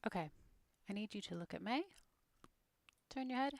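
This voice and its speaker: A British woman streaming as she works on an animated scene, muttering to herself and often dropping into a whisper. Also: medium pitch, normal speed, creaky. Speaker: streamer making an animated game-character video. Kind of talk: casual narration while working.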